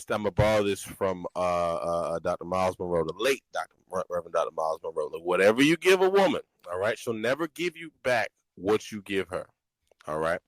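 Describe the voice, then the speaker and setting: Male podcast host, lowish voice, playful, leads the game segments, dry close sound. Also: no room sound, rough recording. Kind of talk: casual chat.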